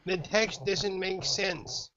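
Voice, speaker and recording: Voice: medium pitch, slow pace, bright, forceful tone. A man voicing a worried young man who insists on checking that his date is safe, on a muffled lo-fi recording. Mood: insistent. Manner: urgent, insistent.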